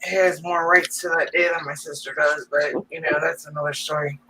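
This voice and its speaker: A woman's voice: deep voice, little pitch movement, normal speed. A woman joining a live stream as a friend, chatting casually and making dry, wry remarks. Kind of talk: casual chat. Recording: distant mic with faint hiss.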